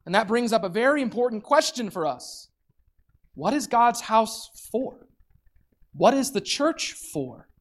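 A man preaching a sermon as pastor, animated, acting out quotes and repeating words as he builds up. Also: high-pitched.

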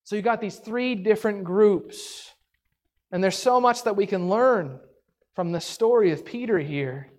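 A woman teaching a Bible story in a casual, animated way, chatty and full of "like", acting out the characters' lines. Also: mid-range voice. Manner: animated, acts out the characters' lines in quick voices; chatty, peppered with "like".

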